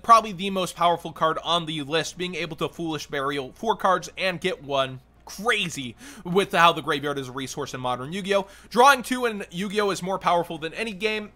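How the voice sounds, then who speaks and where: A man hosting a card game channel, giving quick blunt verdicts in casual commentary while his voice is going. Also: sits high, pushed and bright. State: losing his voice.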